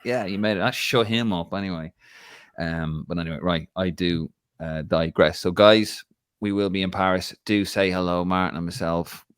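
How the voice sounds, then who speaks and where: A man's voice: low voice, moderate pace, clean tone, dry recording, studio quality. An Irish man co-hosting a live show, chatting and bantering in a cheeky, jokey way. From Ireland. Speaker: podcast co-host. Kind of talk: casual live show chat.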